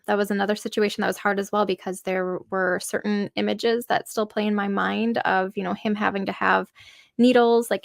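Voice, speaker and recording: A woman's voice: mid-range voice, gravelly, no echo, studio quality. A woman in her thirties, a podcast guest, telling a personal story earnestly, full of fillers and acted-out quotes.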